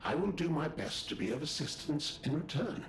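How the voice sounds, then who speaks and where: An actor playing an old, devoted puppet butler who speaks in a polite, formal, servile way. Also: male voice, a little high, expressive, moderate pace, lightly acted. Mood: courteous. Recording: roomy game audio with faint music.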